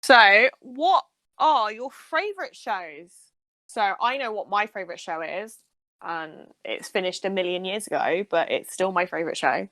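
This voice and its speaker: A woman's voice: mid-range voice, expressive, a little slow, fairly bright tone, no echo. A woman who works as a nurse, chatting enthusiastically and rambling on a casual podcast. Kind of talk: casual chat.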